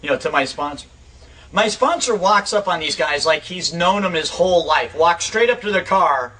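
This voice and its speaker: Bright, lively man telling a story. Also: on the high side, distant mic, slight background noise, rough recording. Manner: lively, quick bursts, chuckling asides. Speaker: storyteller on a recovery radio show. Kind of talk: casual spoken anecdote.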